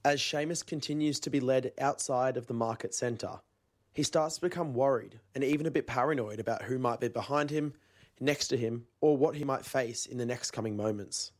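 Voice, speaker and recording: Man narrating a documentary story. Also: medium pitch. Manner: measured, dramatic scene-setting. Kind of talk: scripted narration.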